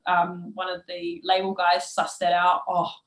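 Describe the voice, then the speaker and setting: A woman's voice: lowish voice, monotone, measured pace. Chatty New woman, echoey room. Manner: laughing storyteller, lots of fillers. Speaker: guest. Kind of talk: casual podcast chat.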